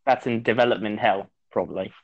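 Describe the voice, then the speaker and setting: A man's voice: fairly low pitch, fairly even intonation, brisk, highs cut off. A man from Mexico speaks English with a British-sounding accent, a guest in an easygoing chat about games. His delivery is dry and understated, with frequent small hesitations. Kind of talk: casual gaming chat.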